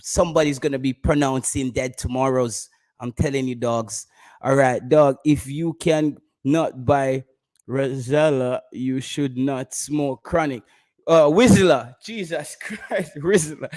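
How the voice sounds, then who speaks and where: Animated Jamaican man chatting on stream. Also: on the high side, unhurried. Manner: animated, laughing, banter with chat. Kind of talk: casual live-stream chat about football.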